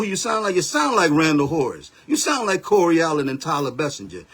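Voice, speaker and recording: A pastor in his seventies hosts a Facebook live over a phone or webcam, his voice sitting high with a bright, breathy edge. He talks bluntly and confrontationally in a heated, street-style rant.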